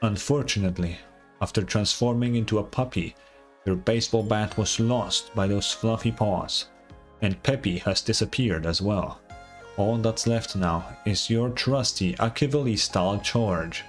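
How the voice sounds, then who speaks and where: A man's voice: fairly low pitch, measured pace, faint music behind. A male streamer reading game dialogue and narration aloud on a livestream, casual, with muttered asides and free swearing.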